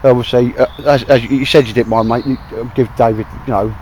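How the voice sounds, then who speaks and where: A man's voice: medium pitch, fairly even intonation, quick pace, a little mellow, a little hiss or hum, low-quality recording. A man with a Cockney accent chatting casually to camera outdoors in a wet wood, rambling and calling his mate "mate". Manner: rambling, chummy, keeps saying "mate". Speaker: outdoor vlogger.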